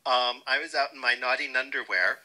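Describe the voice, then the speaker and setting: An older man being interviewed, telling wry, lively stories and quoting people along the way. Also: mid-range voice, brisk, rough recording. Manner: wry, animated anecdotes with quoted voices. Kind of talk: storytelling interview.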